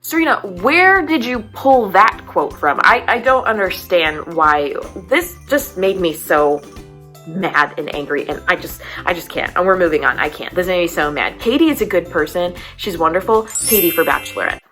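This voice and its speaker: Woman, casual recap host, low-pitched, animated and exasperated, faint music bed. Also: normal speed. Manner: animated, exasperated retelling with many "like"s. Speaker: recap vlogger. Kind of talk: casual chat.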